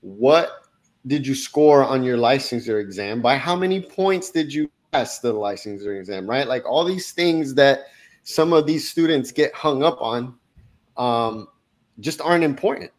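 A man hosting a casual interview, relaxed and encouraging, tossing in "right?" as he talks. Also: medium pitch, measured pace. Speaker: podcast host.

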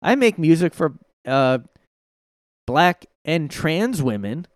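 A man doing a mocking impression of a female pop singer, speaking higher and more emphatically than he normally does. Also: sing-song, slow, dry recording, clean studio sound. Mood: defensive.

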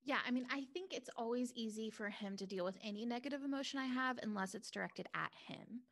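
A woman's voice: on the high side, a little fast, a bit bright. A young adult woman talking candidly and reflectively in a casual conversation, with many filler words. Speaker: guest.

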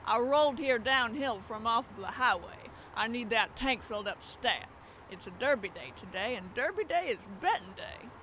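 Female mob boss, imperious, insulting, bright forceful voice, comedy audio drama. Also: mid-range voice, lively intonation, normal speed, a little hiss or hum. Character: rich, brash female mob boss, domineering and rude.

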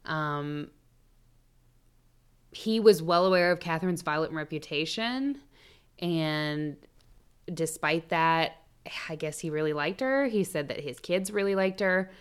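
Woman podcast host, low smooth voice, chatty true crime storytelling, cusses a lot. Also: lively intonation, measured pace, long pauses. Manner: chatty, swearing, storytelling with asides. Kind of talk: casual true-crime chat.

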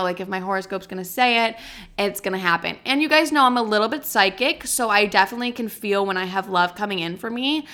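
A young woman with a bright, sharp voice chats alone on her podcast, rambling from one thought to the next. She swears freely and trips over her own words. She sounds wired on caffeine. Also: medium pitch, smooth. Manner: rambling, chatty, swears often. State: highly caffeinated. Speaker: podcast host. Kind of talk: casual solo podcast chat.

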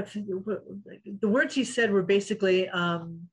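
A former fighter, now middle-aged, tells animated stories in an interview, voicing the quotes herself and laughing a lot. She speaks low and unhurried in a husky voice, captured in a low-quality recording.

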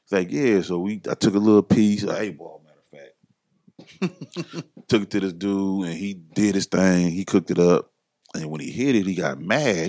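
Guy with a real low voice telling a story on a podcast, slangy, does the voices of people he's quoting. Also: a little slow, pauses often. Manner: slangy, animated, acts out quoted voices. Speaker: podcast guest. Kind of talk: casual storytelling interview.

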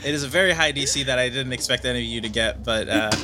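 A man running a tabletop game as game master, narrating scenes in a quick, descriptive way with fillers. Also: mid-range voice, background noise.

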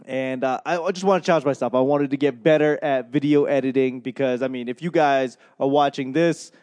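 A man's voice: medium pitch, steady tone, a little fast, darkish tone. A man hosting a comedy podcast in a casual, rambling monologue, self-deprecating and swearing freely as he loses his train of thought. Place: home in Albuquerque.

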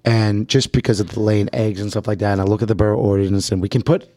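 A man's voice: lowish voice, fairly even intonation, dark tone, no echo. A man co-hosting a podcast in casual chat, often stumbling and repeating words as he starts a thought. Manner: halting, repeats words when starting sentences. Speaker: podcast co-host.

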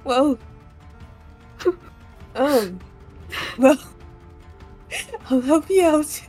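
A woman's voice: high voice, very slow, darkish tone, soft background music. Exasperated woman player. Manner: exclaims in disbelief. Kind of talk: casual tabletop play.

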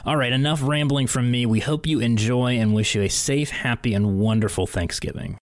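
A man's voice: medium pitch, fairly quick. Laid-back male podcast co-host. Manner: casual, joking, rambling. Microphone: video call. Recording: audio ripped from a video call.

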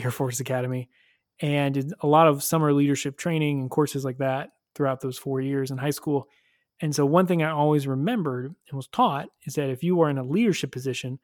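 A man hosting a review podcast talks in a chatty, animated way, leaning on fillers and laughing often. His voice sits a little high for a man, and it is recorded close and dry with almost no room sound. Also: no room sound. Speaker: podcast host reviewing episodes. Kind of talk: casual review chat.

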